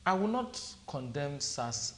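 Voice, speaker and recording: A middle-aged man with a Nigerian accent, a TV studio guest who talks in a measured way and tells a long story with quoted dialogue. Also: fairly high pitch, big pitch swings, a little hiss or hum. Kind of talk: TV panel discussion.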